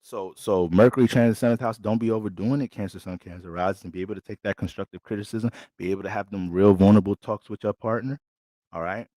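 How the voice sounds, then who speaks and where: A man with a lowish voice delivers a casual astrology forecast, blunt and streetwise, with profanity all through. The sound is dry and close, with no room echo. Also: steady tone, quick pace, mellow. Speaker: astrologer giving a sign reading.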